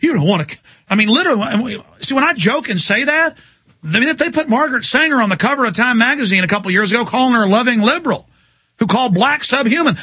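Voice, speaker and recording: Brief: male talk radio host, husky and bright-edged, high-pitched, combative on-air rant. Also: expressive, fast talker, no room sound. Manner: mocking, combative, shifts pitch sharply for effect.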